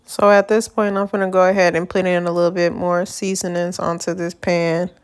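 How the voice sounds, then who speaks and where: A woman's voice: on the low side, level tone, fairly quick, clean tone. A woman, casually narrating her home cooking in laid-back, profane slang. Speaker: home cook vlogger. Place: home kitchen.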